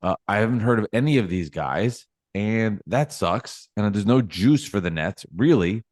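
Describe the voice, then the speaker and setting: A man co-hosts a sports talk podcast in a low voice, building his points into an emphatic rant. The sound is dry and close, with no room around him. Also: lively intonation, moderate pace, a little mellow, no room sound. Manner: emphatic, ranting. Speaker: podcast co-host.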